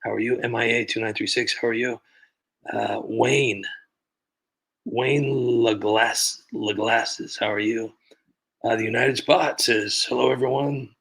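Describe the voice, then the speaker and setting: A man with a gravelly, husky voice talks casually into a desk mic on his livestream. He rambles and restarts his sentences and sighs now and then as he greets his viewers. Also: medium pitch, steady tone, measured pace, fairly bright tone, poor audio. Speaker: livestream host.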